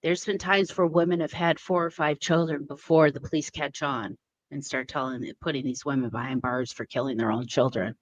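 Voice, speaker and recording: A woman's voice: low-pitched, fairly even intonation, moderate pace, dry recording. A woman with a Minnesota accent, chatting as a radio guest over a remote call and laughing often. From Minnesota, USA. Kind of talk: casual chat on a remote call. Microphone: remote call mic. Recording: dull distant call audio.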